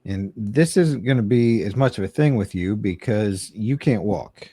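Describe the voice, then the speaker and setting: A man's voice: fairly low pitch, expressive, measured pace, warm tone, breathy edge, no echo. Profane ranting man on a podcast. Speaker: podcast co-host. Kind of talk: casual comedy podcast chat.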